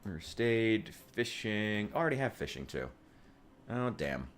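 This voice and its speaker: Low-voiced man rambling on stream. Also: big pitch swings, measured pace. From United States. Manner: rambling, profane, joking, with frequent restarts. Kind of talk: casual gaming stream chat.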